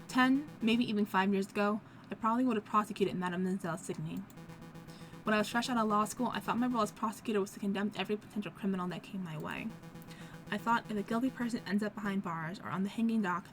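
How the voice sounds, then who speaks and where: A woman's voice: mid-range voice, natural voice, poor audio. An earnest, principled male prosecutor from a story game, as a woman reads him. He speaks steadily and sincerely. Game music runs underneath.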